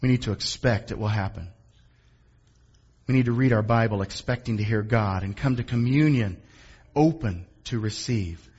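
A pastor closing his sermon and leading a prayer in an earnest, unhurried, softly prayerful way. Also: on the low side, breathy edge, muffled recording.

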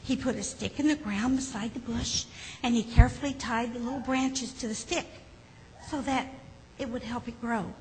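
A woman reading a children's story aloud, gently and expressively. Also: a little high, steady tone, normal speed. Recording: hall with faint background noise.

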